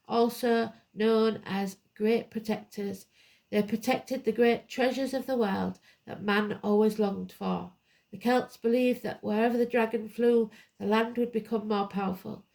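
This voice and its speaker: Gravelly woman reading tarot cards. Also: medium pitch, darkish tone. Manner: blunt, emphatic, with rambling asides. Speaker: tarot reader. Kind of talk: live tarot card reading.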